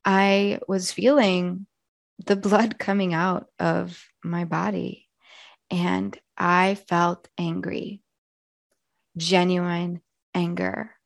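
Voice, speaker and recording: A woman speaks in a reflective personal monologue, her voice hoarse and full of fry. She talks slowly, softly and earnestly, the way a coach talks to clients. The sound is dry and close. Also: on the low side, little pitch movement, no room sound. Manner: slow, soft and earnest. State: hoarse from yelling. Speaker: wellness coach.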